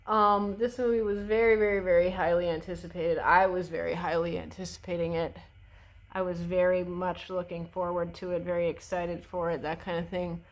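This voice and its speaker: A woman's voice: lowish voice, little pitch movement, normal speed, rough recording. A young woman chats away as she does her makeup, dropping swear words and speaking her mind without a filter. Her talk rambles, full of fillers and restarts, with an easy and unpolished tone. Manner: swears freely, chatty and opinionated. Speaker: beauty vlogger. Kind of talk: casual chat while doing makeup.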